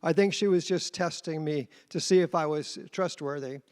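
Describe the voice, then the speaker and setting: A man's voice: a little high, moderate pace, darkish tone. A man giving an earnest conference talk about leading a church group, telling his story plainly. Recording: reverberant hall.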